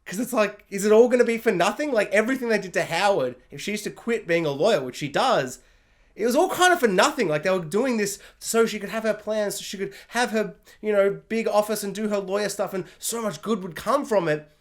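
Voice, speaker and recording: A man's voice: high voice, lively intonation, fairly quick. A man giving a casual, gushing TV episode review, rambling with lots of fillers. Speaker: TV review vlogger.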